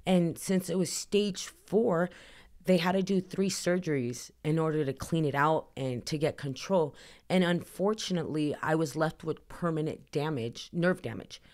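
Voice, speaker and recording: A woman in her thirties, appearing as a podcast guest, candidly tells her personal story at a moderate pace in a low, slightly mellow voice. She's chatty, says "like" constantly, and acts out dialogue.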